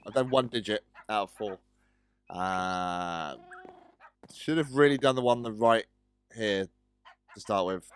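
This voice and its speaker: A man's voice: mid-range voice, clear, resonant tone, no room sound. A man casually commenting on a building game, chatty and hesitant, often talking to his in-game pets. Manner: chatty, talks to pets, hesitant with many ums. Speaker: gaming video host.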